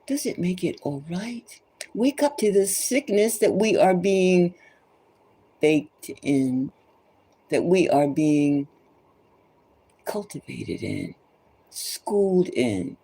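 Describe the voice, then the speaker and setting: A rough recording captures a woman tarot reader whose voice is on the low side, dark and slightly rough, with lively intonation. She talks slowly and pauses often while delivering an impassioned, preachy speech of repeated urgent appeals, sometimes lowering to a whisper.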